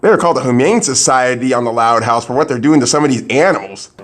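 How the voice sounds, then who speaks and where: A man's voice: mid-range voice, lively intonation, fast talker, music in the background. A man giving a crude, sarcastic review of a cartoon episode, swearing freely. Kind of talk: profane comedic review commentary.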